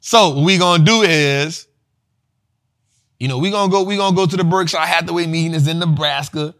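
A man's voice: on the high side, a little fast, a bit bright. A man hosting a livestream about stocks, talking in loose slang and repeating himself as he urges viewers on. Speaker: host. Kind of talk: livestream finance talk.

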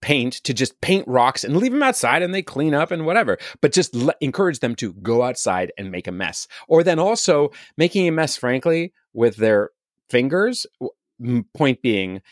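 A man co-hosting a parenting podcast in casual chat, rambling and gentle. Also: medium pitch, sing-song, normal speed, dry recording, clean studio sound. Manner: rambling, restarts, gentle and chatty. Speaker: podcast co-host.

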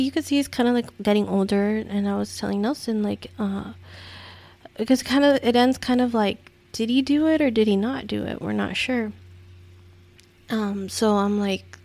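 A woman's voice: mid-range voice, vocal fry, a little mellow. A woman hosting a casual commentary podcast, rambling and exasperated, with many fillers and restarts. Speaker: podcast host.

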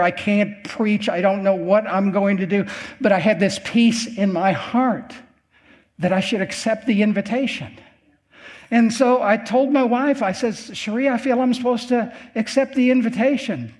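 Older guy preacher, pretty high voice, folksy storyteller giving his testimony. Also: a little slow, darkish tone. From American Midwest. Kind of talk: testimony sermon.

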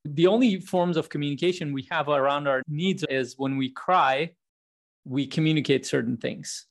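A man's voice: on the high side, normal speed, vocal fry. A man in his thirties hosting a podcast, talking in a casual, rambling way with frequent restarts. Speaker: podcast host.

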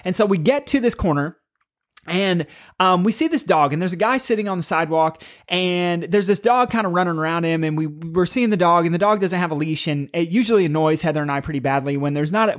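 A man in his thirties hosting a podcast, telling a personal story in a candid, self-critical, rambling way. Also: fairly high pitch. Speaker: podcast host, father. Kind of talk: casual storytelling monologue.

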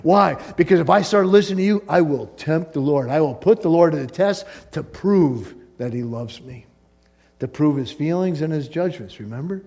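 A man preaching a sermon as pastor, animated, acting out the voices of doubting listeners. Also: fairly high pitch, moderate pace, gravelly.

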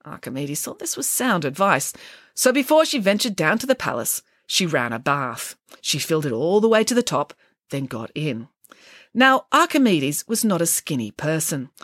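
Animated woman reading a storybook. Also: low-pitched, moderate pace, no echo, clean studio sound. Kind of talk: storybook narration.

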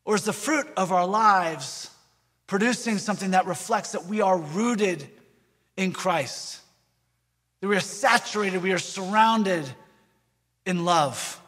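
A man's voice: high voice, expressive, slow pace, fairly bright tone, big-room sound. A man preaching a sermon, earnest, with rhetorical questions and repeated phrases. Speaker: pastor.

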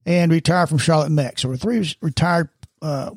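A man's voice: on the high side, normal speed, breathy edge, dry recording, studio quality. An older man co-hosting a casual podcast chat, talkative and teasing his friends. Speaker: podcast co-host.

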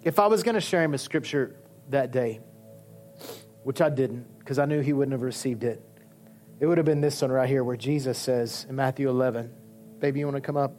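A male pastor preaching a sermon in a conversational, animated way, with emphatic peaks. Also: mid-range voice, a little fast, soft background music.

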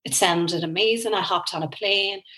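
A woman's voice: fairly low pitch, moderate pace, poor audio. Irish woman telling a heartfelt story. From Ireland. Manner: earnest, emotional, animated storytelling. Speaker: guest. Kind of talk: storytelling interview.

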